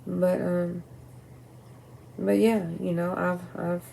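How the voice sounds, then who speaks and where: A woman's voice: lowish voice, level tone, slow pace, creaky, warm tone, slight background noise, rough recording. A middle-aged woman talking candidly and bluntly to camera at home, rambling and swearing now and then. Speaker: vlogger. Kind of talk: casual personal talk to camera. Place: at home by a window at night.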